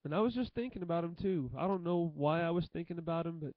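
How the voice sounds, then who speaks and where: A young man talking to the camera in an emotional tribute monologue, halting and often repeating himself. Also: fairly high pitch, no echo, dull audio. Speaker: vlogger.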